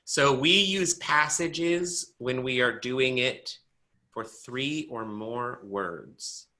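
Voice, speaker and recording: He draws out his words at a medium pitch while teaching braille online, quizzing the class and explaining each step with animated, playful energy.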